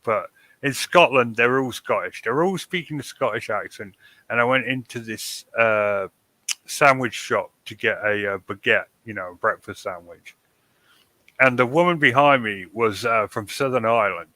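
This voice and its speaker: A man's voice: medium pitch, normal speed, bright, forceful tone, dry recording, rough recording. A man hosting a podcast in casual chat, telling blunt, wry stories. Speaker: podcast host.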